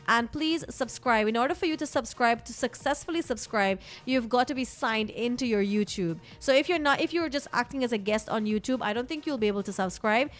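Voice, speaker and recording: A woman's voice: fairly high pitch, a little fast, hardly any pauses. Bubbly woman co-hosting morning radio. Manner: bubbly, chatty, laughs often. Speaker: radio co-host. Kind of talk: casual morning radio chat.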